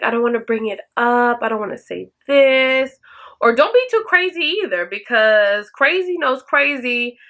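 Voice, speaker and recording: Blunt, bright-voiced woman vlogger. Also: fairly high pitch. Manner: blunt, profane, emphatic; acts out quoted lines in a raised voice. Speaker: vlogger answering viewer questions. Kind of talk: casual advice chat to camera.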